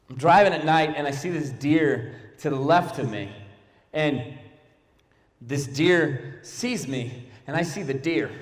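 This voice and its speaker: A young adult man performing a stand-up comedy set and slipping into quick silly character voices. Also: on the high side. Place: church hall, live audience. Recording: long hall reverb.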